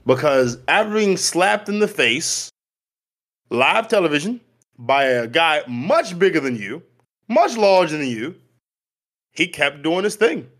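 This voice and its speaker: Expressive comedian from Baltimore, lively pitch. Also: male voice, a little slow. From Baltimore, Maryland. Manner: emphatic, expressive, builds points with repetition. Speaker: podcast guest, comedian. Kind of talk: casual podcast chat.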